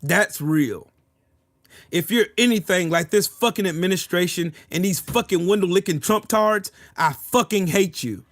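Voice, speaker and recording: A man's voice: sits high, moderate pace, dry recording, studio quality. A man hosting a livestream, delivering a heated, profane political rant and answering chat comments. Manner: profane, heated, repetitive ranting. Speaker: livestream host.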